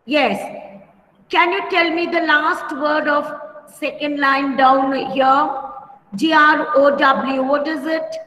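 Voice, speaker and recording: A woman teacher leading an online class for young children, speaking slowly and patiently, repeating words and calling pupils by name over a computer mic. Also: sits high, steady tone, pushed and bright. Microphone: computer mic on a video call. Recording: echoey room with long reverb.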